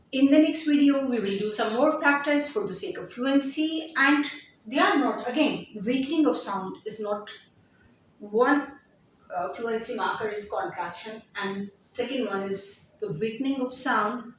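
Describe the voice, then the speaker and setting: A woman teaching an English lesson, repeating example sentences slowly and often restarting. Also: fairly high pitch, slight background noise. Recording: very echoey room, distant from mic.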